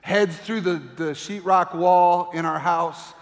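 A man's voice: high-pitched, takes it slowly. A middle-aged man preaching a sermon as pastor, telling a family story and acting out voices as he goes. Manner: animated storyteller, acts out voices. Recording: long reverb of a large hall.

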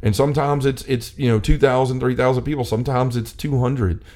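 A man co-hosting a casual faith talk, speaking with animated energy and often acting out quotes. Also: medium pitch, a little fast. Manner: animated, acts out quotes, many restarts. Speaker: co-host.

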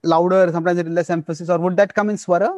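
A man's voice: high voice, fairly even intonation, rapid-fire, a little mellow, dry recording. A man hosting a podcast, asking thoughtful questions with small hesitations. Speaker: podcast host. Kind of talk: interview questions.

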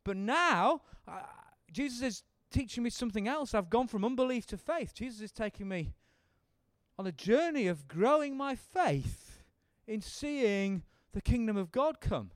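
Animated preacher man teaching Bible story. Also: extremely high pitch, a little slow, dry recording. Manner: animated, acts out speakers in the story. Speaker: preacher leading a seminar. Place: seminar room with an audience.

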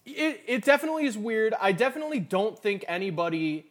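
A man co-hosting a podcast in casual chat, animated, laughing easily and restarting his sentences. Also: high-pitched, fast. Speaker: podcast co-host.

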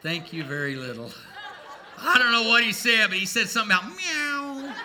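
A male pastor delivers a sermon to a congregation in a church. His voice sits unusually high for a man and rings very bright and forceful. He preaches in a folksy, emphatic way with bursts of humor. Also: sing-song, brisk, slight background noise.

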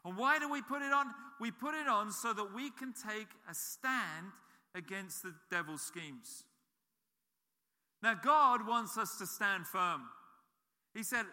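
A man's voice: high-pitched, lively intonation, moderate pace, sharp tone. A man preaching a sermon as a pastor, emphatic and repeating key phrases. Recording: reverberant hall.

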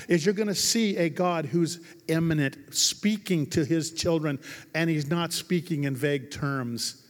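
Emphatic pastor in a reverberant hall. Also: male voice, a little high. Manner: emphatic, swinging from hushed to loud. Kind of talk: sermon. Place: large church hall.

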